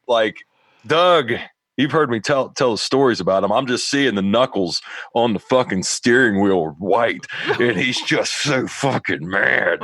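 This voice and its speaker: A man on a casual podcast, telling a lively story full of acted-out quotes and swearing. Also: mid-range voice, no room sound. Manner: animated storyteller, acts out quotes, swears freely.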